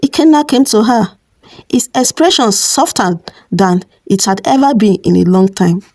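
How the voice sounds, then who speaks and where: Woman telling a folktale for her channel, steady mid voice, plain delivery, dry close recording. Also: medium pitch, moderate pace, dry recording. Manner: plain, steady storytelling with occasional slips. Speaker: storyteller and channel host. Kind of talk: storybook narration.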